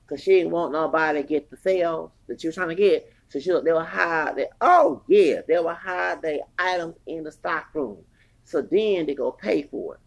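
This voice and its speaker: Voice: mid-range voice, gravelly. A person in their forties telling a long story in a casual, rambling rant, swearing heavily and growing heated. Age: 40s. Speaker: podcast host.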